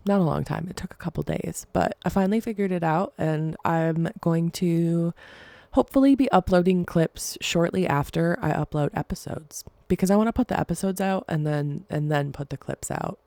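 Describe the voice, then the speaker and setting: On her casual solo podcast, a young woman host rambles in a chatty, giggly way. Her low voice has gravelly fry and a mellow, dark tone, recorded dry and close.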